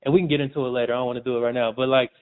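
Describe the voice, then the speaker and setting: A man, a sportswriter guest, telling stories in a relaxed, slangy way during a casual interview. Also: medium pitch, very fast, smooth. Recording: tinny phone-like audio.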